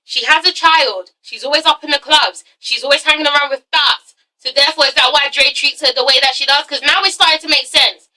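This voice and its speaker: A sassy woman recapping reality TV, swearing freely and punctuating everything with "okay?". Her voice is high and piercingly bright, and she sits some distance from the mic. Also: fairly even intonation, fairly quick. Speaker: reviewer, channel host. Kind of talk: casual profane TV-recap vlog.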